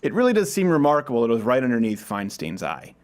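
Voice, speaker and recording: A man hosting a comedic news rundown in a studio, wisecracking and quick to laugh. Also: medium pitch, huge pitch swings. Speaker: host.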